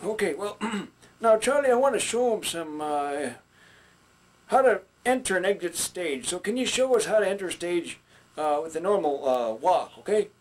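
A man's voice: high-pitched, expressive, normal speed, a little hiss or hum. A man doing folksy old puppet Pops. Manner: folksy, chatty, with hesitant fillers. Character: folksy older male puppet named Pops. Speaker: puppetry instructor. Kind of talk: puppet instruction skit.

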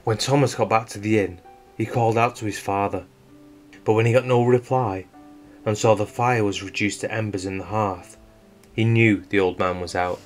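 A man with a fairly low voice reads a true-crime story in a measured, suspenseful way. Soft guitar music plays quietly behind him. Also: steady tone. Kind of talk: scripted true-crime narration. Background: faint guitar music.

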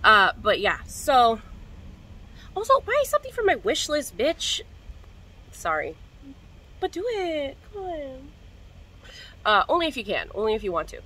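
A woman's voice: high-pitched, wildly swooping pitch, unhurried, pauses often, sharp tone, husky, poor audio. A young woman vlogger in casual chat to camera, slangy and profane, coughing now and then. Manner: chatty, slangy and profane, coughing between hits.

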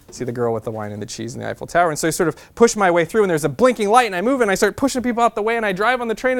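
A man in his thirties from Nebraska, telling a lively travel story as a guest speaker to a class, repeating a refrain and acting out the voices he quotes. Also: sits high. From Nebraska, USA. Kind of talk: storytelling lecture to students.

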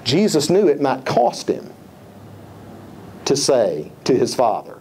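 Male pastor, sermon, mellow warm voice, emphatic, repeats phrases, quotes scripture. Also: mid-range voice, huge pitch swings, slow pace, long pauses, a little hiss or hum.

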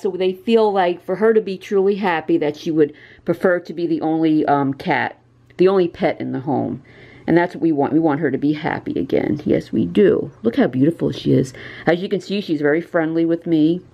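A woman's voice: lowish voice, vocal fry, dark tone, highs cut off. A woman volunteering for a pet rescue, chatting casually and gushing while she shows a cat up for adoption, often cooing to it in a sing-song voice, in a dim indoor room. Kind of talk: casual adoption video chat.

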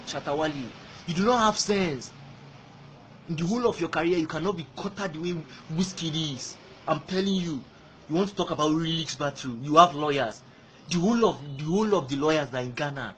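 A man's voice: on the high side, a bit bright, a little hiss or hum. A man from Nigeria with a Nigerian accent, ranting angrily in a video message, throwing insults and repeating himself while switching between Pidgin and English. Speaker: fan.

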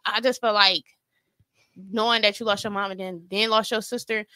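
Podcast co-host, woman, earnest and reassuring, bright tone, dry sound. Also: medium pitch, steady tone, normal speed, clear, resonant tone, dry recording. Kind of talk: casual heartfelt conversation.

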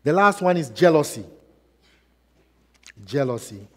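A man preaching a sermon as pastor, asking repeated rhetorical questions and swinging between loud and soft. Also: a little high, very animated, a little slow, slight background noise. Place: church. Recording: long church reverb.

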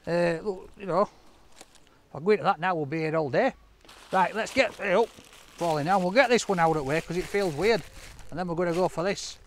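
A cheerful man, excitable and quick to laugh as he vlogs in a park. His voice sits a little high for a man. Faint background noise runs under the outdoor recording. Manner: chatty, excitable, often laughing. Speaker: food reviewer opening fan mail. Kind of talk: casual vlog chat to camera.

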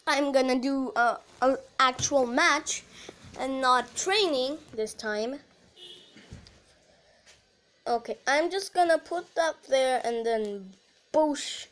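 High-voiced woman narrating her gameplay. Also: takes it slowly, pauses often. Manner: excitable, talks to herself while playing, cheers at goals. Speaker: mobile game player. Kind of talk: casual gameplay commentary.

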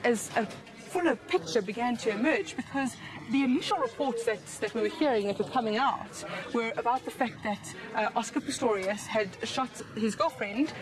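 A woman's voice: on the high side, rough recording. Reflective woman in a documentary interview. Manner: reflective, thoughtful.

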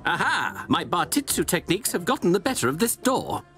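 A woman's voice: lowish voice, big pitch swings, a little fast. A woman voicing Sherlock Holmes, a confident male detective with a lofty, theatrical manner in a video game. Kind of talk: game voice acting. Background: game music.

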